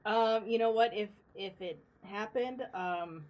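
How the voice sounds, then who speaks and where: A woman's voice: mid-range voice, takes it slowly, lo-fi sound. Woman co-host with dry reactions. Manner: short dry reactions, laughs often. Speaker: podcast co-host. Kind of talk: casual chat, reacting and joking.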